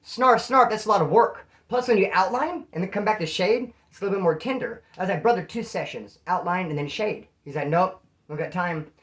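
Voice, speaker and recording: A man's voice: sits high, brisk. A man and former prisoner telling a casual first-person story, rambling in slang and acting out the dialogue he quotes.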